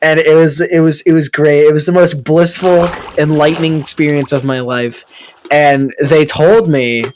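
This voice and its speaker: A man's voice: a little high, fairly even intonation, normal speed, a little hiss or hum. A young man improvising a crude tall tale late at night in a rambling way, full of fillers and restarts, on a computer mic during a game recording. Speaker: friend telling a story.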